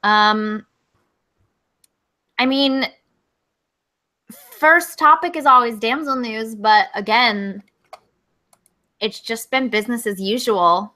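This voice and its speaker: Chatty, high, bright-voiced woman. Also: takes it slowly, pauses often. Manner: chatty, laughs often, steers the conversation. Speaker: co-host. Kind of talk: casual comedy podcast chat.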